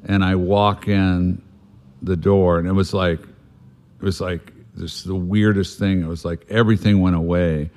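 A man's voice: low-pitched, flat delivery, a little slow, darkish tone. A man telling a candid recovery story in conversation, blunt and swearing freely, loose and rambling, then earnest about making amends. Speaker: guest sharing a recovery story.

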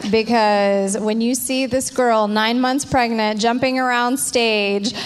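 Woman emceeing at church, upbeat, kinda high voice, big reverby hall. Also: steady tone, takes it slowly, clean tone. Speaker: event host introducing speakers. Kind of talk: stage introduction. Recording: reverberant hall with faint noise.

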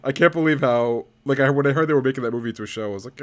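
Male podcast guest, casual, quick to laugh, dry humor. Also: medium pitch. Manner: laughs often, wry jokes. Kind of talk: casual chat.

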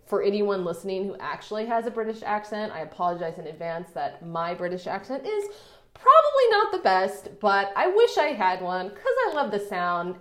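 A woman hosting a casual solo podcast, chatty and upbeat, filling her talk with "like" and light laughs. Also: mid-range voice. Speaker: podcast host. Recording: roomy reverberant room.

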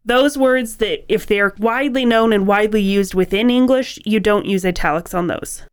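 A woman's voice: mid-range voice, moderate pace, clear, resonant tone. A woman co-hosting a conversational writing-advice podcast, explaining points with wry, playful humor. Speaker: podcast co-host.

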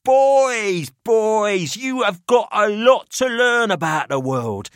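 A man's voice: high-pitched, animated, slow, fairly bright tone, smooth, no echo, studio quality, pitched above the performer's own voice, heavily acted. A man voicing a pushy, jovial older male collector who talks down to two young men. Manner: expansive, theatrical, patronising.

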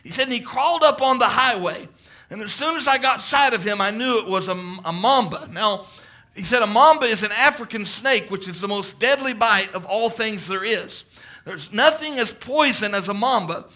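Male preacher, high bright voice, fervent sermon delivery with swelling emphasis. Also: lively intonation, normal speed. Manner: fervent, quoting at length, rising emphasis. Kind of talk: sermon retelling a vision.

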